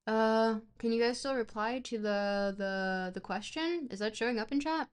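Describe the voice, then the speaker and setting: A woman's voice: a little high, normal speed, smooth. A young woman streaming herself reading a philosophy book aloud. She stumbles and corrects herself often and breaks off to chat with viewers. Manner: stumbling, self-correcting reader; chatty asides to chat between passages.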